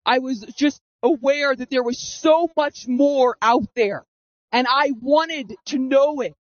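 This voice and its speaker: Heard through a voice-masking filter, a woman of about thirty gives personal testimony, narrating her own story earnestly and dramatically while acting out how she once reacted. Her voice is high-pitched, and the recording is dull, dry and free of room sound.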